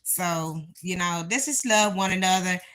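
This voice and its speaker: A woman's voice: lowish voice, a little slow. A woman hosting a casual video from her home, talking emphatically to her viewers. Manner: animated, emphatic, speaks in Southern-style vernacular. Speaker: reaction video host. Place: home, indoors. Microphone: phone or camera nearby.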